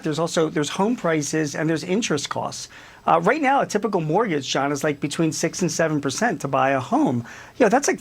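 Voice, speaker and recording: A man speaking as a business commentator and guest on a TV news interview, animated and emphatic, with many fillers. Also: a little high.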